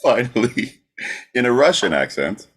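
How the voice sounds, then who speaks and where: A man's voice: medium pitch, big pitch swings, a little slow, breathy edge. A man co-hosting a podcast, reading out questions in a casual, hesitant way with fillers. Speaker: podcast co-host. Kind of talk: casual chat.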